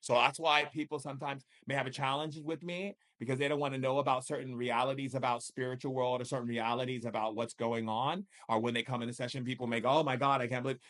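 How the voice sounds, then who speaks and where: A man's voice: mid-range voice, little pitch movement, fast talker, hardly any pauses, a bit bright. A man leading a live spiritual coaching session as a shamanic teacher, emphatic and repetitive, with pointed rhetorical questions.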